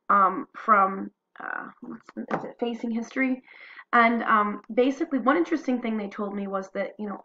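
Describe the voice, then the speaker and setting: A woman teacher reads a wartime diary aloud at a middling pitch. Between entries she chats in an unpolished way, with many fillers. The recording sounds dull and lo-fi. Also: bright, forceful tone, slight background noise. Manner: earnest reading, then loose chat with many fillers. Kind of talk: reading a diary aloud and commenting.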